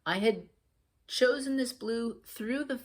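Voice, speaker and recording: A woman's voice: fairly high pitch, takes it slowly. A woman casually chatting to camera in a rambling, grateful way, often laughing. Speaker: cross stitch vlogger.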